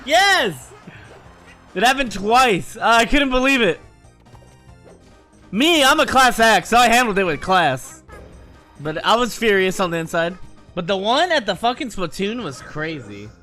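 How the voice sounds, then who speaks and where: A man talking casually to his stream audience, telling stories in an animated, profane, joking way. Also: high-pitched, normal speed, soft background music.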